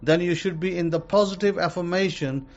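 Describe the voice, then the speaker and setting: A man's voice: sits high, brisk, dull audio. A man teaching a casual self-help lesson. He rambles, repeats himself and uses many fillers.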